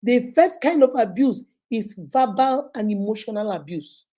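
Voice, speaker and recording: A woman's voice: on the high side, expressive, normal speed, warm tone. A woman with a Nigerian accent giving emphatic, repetitive relationship advice to her viewers. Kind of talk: motivational talk to viewers.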